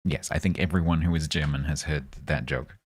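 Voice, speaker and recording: A game streamer talks with his chat in a relaxed, joking way. His voice sits very low and has a husky edge. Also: brisk. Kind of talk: casual live-stream chat.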